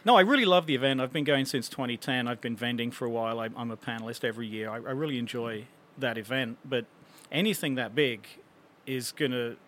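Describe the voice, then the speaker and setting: A man's voice: medium pitch, quick pace, hardly any pauses, fairly bright tone, slight background noise. A man chatting casually on a panel, rambling and wry as he talks. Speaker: convention panelist and vendor.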